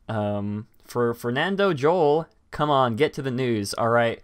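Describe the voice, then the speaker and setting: A man's voice: mid-range voice, moderate pace, few pauses, no room sound. A man hosting a casual live stream chat, rambling with many fillers and restarts. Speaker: host.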